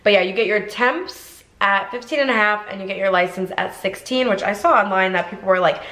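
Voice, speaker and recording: Young woman vlogger from Ohio, chatty and rambling, mid-pitched, recorded in an echoey car. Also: brisk, pushed and bright. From Ohio, USA. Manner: chatty, rambling with many fillers. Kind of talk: casual mukbang chat. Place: inside a car.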